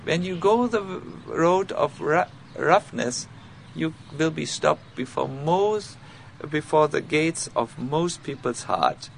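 A man with giving an informal spiritual lecture, halting with many fillers and restarts, and self-mocking. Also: a little high, lively intonation, vocal fry, a little hiss or hum. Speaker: spiritual teacher giving a talk.

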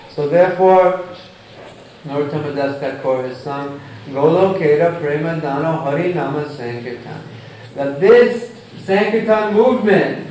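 A man giving a deliberate scripture lecture who chants Sanskrit verses and explains them with examples. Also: high-pitched, a little mellow. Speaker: religious lecturer. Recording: echoey hall, distant mic, faint noise.

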